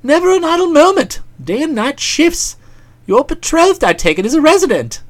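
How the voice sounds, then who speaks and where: A woman reading an audiobook who voices a breezy, chatty young English gentleman in a bright, jaunty manner. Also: sits high, very animated, moderate pace, pitched above the performer's own voice. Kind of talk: audiobook character voice.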